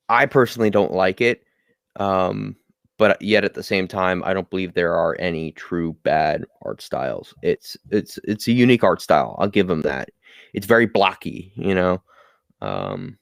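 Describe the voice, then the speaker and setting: A man co-hosting a casual podcast, giving his opinion hesitantly with filler pauses. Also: low-pitched, creaky, no echo, studio quality. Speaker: podcast co-host.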